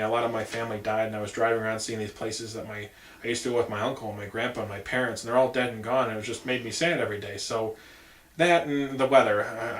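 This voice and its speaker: A man's voice: medium pitch, fairly bright tone, a little hiss or hum. A man giving a casual political monologue as a campaign vlogger, rambling with many asides. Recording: echoey room.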